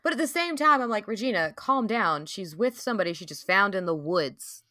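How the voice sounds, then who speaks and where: A woman on a casual recap podcast with a bright, forward tone. She reacts to the episode in animated bursts, swearing freely and reading out the notes she jotted down while watching. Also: medium pitch, a little fast. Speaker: podcast co-host.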